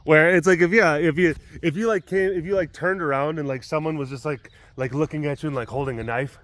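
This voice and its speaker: A man's voice: fairly high pitch, fairly even intonation, fairly quick, fairly bright tone. A man, a big cat keeper telling stories in a casual vlog, rambling with many fillers and chuckles.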